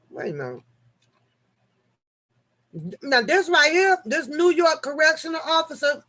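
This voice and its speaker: Chatty woman host on a live stream. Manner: chatty, reads articles aloud, jokes with the chat; swings from low mutters to loud laughing outbursts. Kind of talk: casual live-stream news chat.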